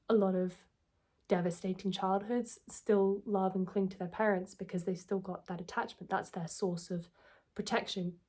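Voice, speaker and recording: A woman's voice: medium pitch, dark tone. A woman, telling a personal story and giving self-help advice in a candid, reflective, earnest way.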